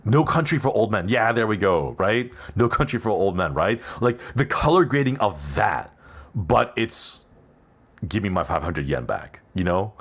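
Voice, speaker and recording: This man speaks with a fairly low pitch and a breathy edge. He's a non-native English speaker doing a laid-back live stream, rambling playfully with frequent laughter.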